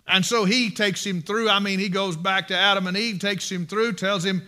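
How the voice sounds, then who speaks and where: Preacher guy in a sermon, pretty high voice, keeps hammering the same lines, fired up. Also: steady tone, moderate pace, pushed and bright. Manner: impassioned and emphatic, repeating phrases.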